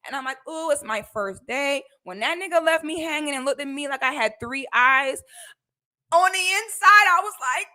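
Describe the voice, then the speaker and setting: A woman vlogger telling a personal story to camera in casual, slangy speech. She acts out the people in her story with animated quotes. Her voice sits fairly high and sounds bright and forceful. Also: moderate pace.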